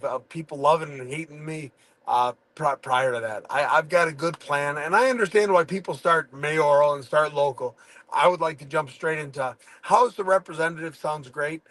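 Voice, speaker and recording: A man's voice: fairly high pitch, moderate pace, a bit bright, poor audio. A man talking in a casual podcast chat, often restarting and stammering as he thinks aloud. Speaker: guest, fighter.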